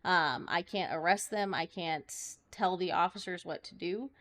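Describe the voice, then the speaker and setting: A woman's voice: on the low side, moderate pace, a bit bright. Rambling woman in role-play chat. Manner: rambling, hesitant, many fillers and restarts. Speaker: judge character in a role-play server.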